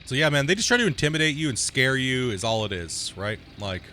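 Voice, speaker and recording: A man's voice: medium pitch, very animated, fairly quick, pushed and bright, a little hiss or hum. A man streaming a game live, chatting casually and rambling through stories, often tagging sentences with "right?".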